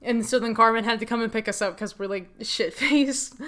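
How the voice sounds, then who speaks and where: A woman's voice: fairly high pitch, normal speed, a bit bright. Chatty woman reading a story game. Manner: laughs often, chatty asides. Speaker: game streamer.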